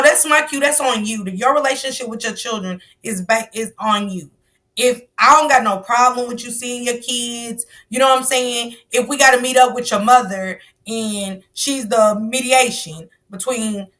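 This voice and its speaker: A woman's voice: fairly high pitch, moderate pace, bright, forceful tone. A woman hosting a stream, giving blunt, slangy commentary on a clip. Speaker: stream host. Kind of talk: casual commentary on a news clip.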